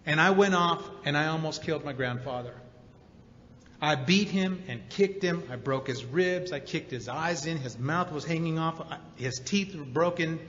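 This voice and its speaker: A man's voice: fairly high pitch, normal speed, fairly bright tone, slight background noise. A man giving a personal recovery testimony at a convention, telling his story with emotional emphasis. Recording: roomy hall reverb, dull sound.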